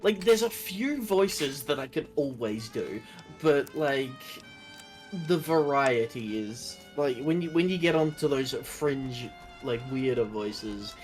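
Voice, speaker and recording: A man's voice: mid-range voice, animated, takes it slowly, soft background music. A young man chatting casually on a game stream, rambling with many fillers. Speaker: co-player guest on a game stream. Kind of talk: casual gaming chat.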